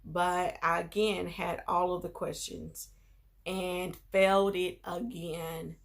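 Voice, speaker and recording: A woman's voice: fairly low pitch, little pitch movement, slow pace, vocal fry. A woman vlogger telling a personal story in a casual, chatty way, full of filler phrases.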